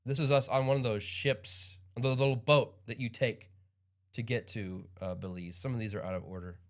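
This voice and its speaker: A man's voice: medium pitch, steady tone, moderate pace. A man hosting a livestream in casual chat, rambling and upbeat with frequent chuckles. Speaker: livestream host.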